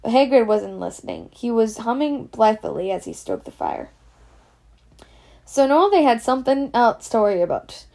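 A woman's voice: on the high side, very animated, moderate pace, creaky, dark tone. A woman reading a children's novel aloud, slipping in Scots words. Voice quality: reads in a Scots voice, slips into dialect words. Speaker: reader.

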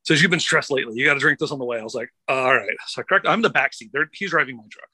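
A man's voice: mid-range voice, very fast, bright, forceful tone, breathy edge, no room sound, low-quality recording. A man co-hosting a podcast, telling a rambling story in casual chat, laughing and swearing freely. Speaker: podcast co-host. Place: outdoors by traffic.

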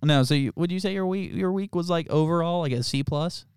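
A man's voice: fairly high pitch, a little fast, darkish tone, clear, resonant tone, no echo, studio quality. A man co-hosting a podcast in casual chat, rambling through stories with lots of fillers and frequent laughter. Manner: rambling, laughs often, filler-heavy storytelling. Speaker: podcast co-host.

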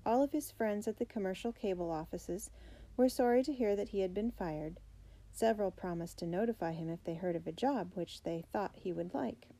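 A woman reads a children's biography aloud in a steady, clear way. Her voice is mellow and dark, with a middle pitch. It is a calm storybook narration. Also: moderate pace, poor audio. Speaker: audiobook reader.

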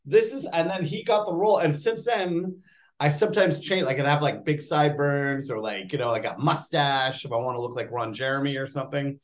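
A man, an actor, chatting casually in an interview and telling lively stories. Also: on the high side, a little fast. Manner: animated storyteller, acts out quotes. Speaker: actor guest.

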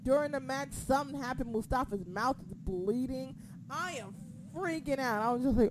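Excitable, foul-mouthed young woman chatting. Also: fairly high pitch, moderate pace, a little hiss or hum, rough recording. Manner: excitable, profane, laughs a lot. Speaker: co-host of a wrestling chat. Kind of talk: casual chat.

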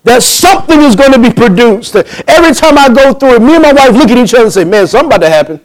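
A man from New Jersey preaching a sermon as pastor, swinging between loud punchy bursts and hushed, intimate pleading, calling out for amens and acting out conversations. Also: very high voice, lively intonation, quick pace, poor audio. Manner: calls for amens, acts out dialogue.

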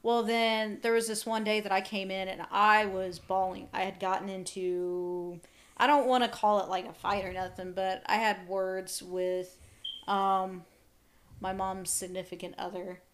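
Woman co-host, casual talk, lively storyteller who voices the people in her stories. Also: mid-range voice, measured pace. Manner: animated storyteller, acts out quotes. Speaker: podcast co-host. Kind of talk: casual chat about acting.

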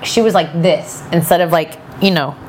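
A podcast guest in her thirties tells a story with her slightly low voice. She keeps the chat animated and acts out other people's lines. She sounds casual and talkative. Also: normal speed, slight background noise. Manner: animated, chatty, quotes people often.

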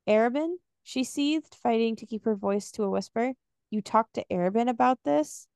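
A woman's voice: fairly high pitch, moderate pace, vocal fry, darkish tone, clean tone, no room sound, studio quality. Podcast woman reading a novel aloud. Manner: recaps and reads passages aloud with fillers. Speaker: podcast co-host.

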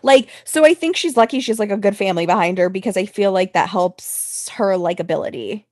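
A woman's voice: mid-range voice, expressive, a little fast, darkish tone, no echo, clean studio sound. A young woman in her twenties co-hosting a podcast, chatting casually and emphatically about reality TV, swearing freely. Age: 20s or early 30s. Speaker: podcast co-host.

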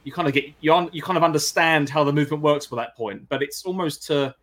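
A man's voice: fairly high pitch, fast, fairly bright tone. A man co-hosting a casual chat about a game, rambling and reading out chat comments. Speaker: podcast co-host.

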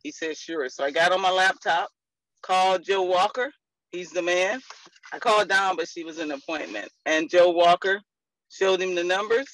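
Excited woman on a video call. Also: on the low side, moderate pace, poor audio. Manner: excited, gushing. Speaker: insurance agent. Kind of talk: casual video call update.

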